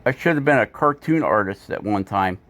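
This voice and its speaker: A man's voice: on the low side, lively intonation, brisk, fairly bright tone. A man hosting his woodcarving channel, talking casually in a rambling, self-mocking voiceover with many fillers. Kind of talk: casual voiceover while carving. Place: home woodworking shop.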